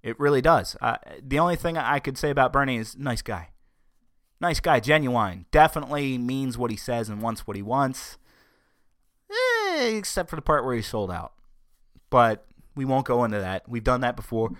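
A man's voice: mid-range voice, wildly swooping pitch, normal speed, fairly bright tone, no echo, clean studio sound. A man hosting a podcast, giving casual political commentary in a sarcastic tone and often stumbling over his words. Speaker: podcast host.

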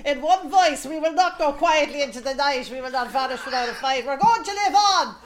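A woman playing a rousing wartime leader, giving the speech in a put-on Kerry accent without pausing. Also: high voice, lively intonation, background noise.

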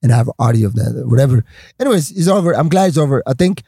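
Fast-talking husky man telling stories. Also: mid-range voice, no room sound, studio quality. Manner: animated, acts out dialogue in raised voices. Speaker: comedian guest. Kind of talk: casual storytelling.

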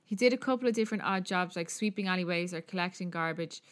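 A woman's voice: on the low side, quick pace. An Irish woman co-hosting a podcast, telling a true story in casual chat with lots of fillers and the odd swear. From Ireland. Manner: chatty, profane, many fillers. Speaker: podcast co-host.

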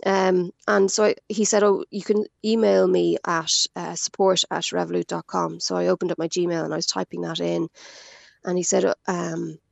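An Irish woman guest on a radio talk show, recounting in lively storytelling how she was scammed, quoting what others said. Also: lowish voice, moderate pace, gravelly, no echo, highs cut off. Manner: animated storytelling, quotes others. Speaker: scam victim guest. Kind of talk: radio interview.

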